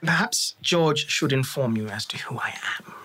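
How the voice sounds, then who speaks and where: A man voicing a haughty, menacing male elf lord in a whispered role-play, slow and cold. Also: medium pitch, animated, pushed and bright, husky.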